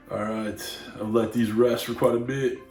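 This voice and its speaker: A man's voice: medium pitch, a little mellow. A man hosting a casual cooking demo, easygoing and chatty, saying "all right" often while he grills. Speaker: cooking channel host. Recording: roomy echo.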